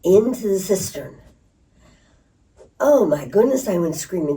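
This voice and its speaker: An older woman with a medium-pitched voice tells stories from her past in an interview, speaking a little slowly with long pauses. She's a lively storyteller who laughs and acts out voices, and the mic is distant.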